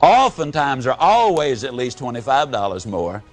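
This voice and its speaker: A man giving a live motivational speech, telling folksy stories and swinging between booming and hushed delivery. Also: sing-song, moderate pace, faint music behind. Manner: folksy storytelling. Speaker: motivational speaker.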